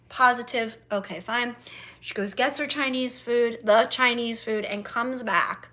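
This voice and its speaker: A woman's voice: on the high side, measured pace, pushed and bright. A woman telling a family story to her viewers in a chatty vlog, swearing freely and acting out both sides of conversations with her mother. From South Florida. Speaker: vlogger. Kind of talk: casual storytelling to camera.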